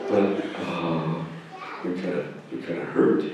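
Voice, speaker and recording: A middle-aged man, a guest minister, giving a humorous dharma talk full of anecdotes and mimicking people in high voices. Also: steady tone, a little slow. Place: temple hall. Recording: echoey temple hall from far off, faint noise.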